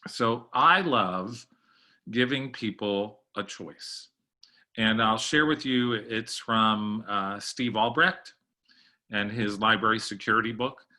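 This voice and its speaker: Bright-voiced man leading a training talk. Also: medium pitch. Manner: conversational, frequent throat clearing. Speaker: library workshop presenter.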